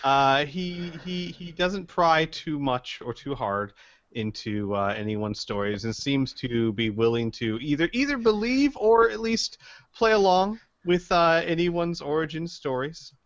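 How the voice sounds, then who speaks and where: A man's voice: on the high side, unhurried, muffled recording. A man running a casual tabletop role-play as game master, easygoing and narrating in character.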